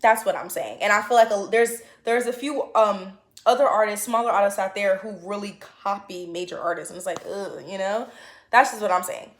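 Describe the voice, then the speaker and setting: A woman's voice: medium pitch, brisk, echoey room. A woman vlogger giving her opinions in a casual chat to camera, with lots of fillers and restarts.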